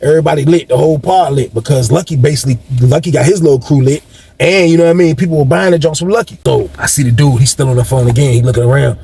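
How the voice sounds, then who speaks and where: Husky guy rambling through a story, talks quick, slangy, keeps talking to his listeners. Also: fairly high pitch, warm tone. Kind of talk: casual storytelling.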